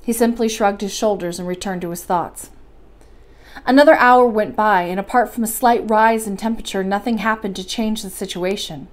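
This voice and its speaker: A woman reading a classic adventure novel aloud as a bedtime story, in calm, measured storybook narration. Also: mid-range voice. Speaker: library storyteller.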